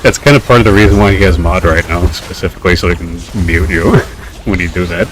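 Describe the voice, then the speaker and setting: A man's voice: low-pitched, fairly even intonation, fairly quick, very noisy. A man streaming a game while talking on voice chat, wry and grumbling, swearing as he plays. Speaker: gamer streaming a raid. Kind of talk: casual gaming voice chat. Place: online voice chat while gaming.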